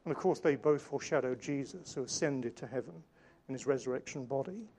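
A man preaching a sermon in an earnest way, slowing down and changing his volume to stress key points. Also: medium pitch, a little mellow, a little hiss or hum. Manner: earnest, varies volume for emphasis, slows on key lines.

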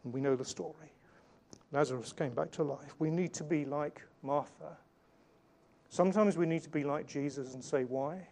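A man preaching a sermon in an earnest way, slowing down and changing his volume to stress key points. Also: on the high side, a little mellow. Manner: earnest, varies volume for emphasis, slows on key lines.

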